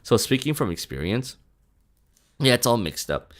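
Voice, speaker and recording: Brief: man, casual streamer banter, lively swings in pitch, mid-height voice. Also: normal speed. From Philippines. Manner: animated, laughs often, swears casually, says bro a lot. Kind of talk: casual live-stream chat.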